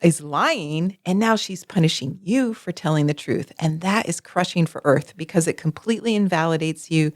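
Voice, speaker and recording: A woman's voice: on the low side, normal speed, hardly any pauses, no echo, studio quality. A woman co-hosting a podcast, talking expressively in casual chat and acting out little quotes. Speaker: podcast co-host.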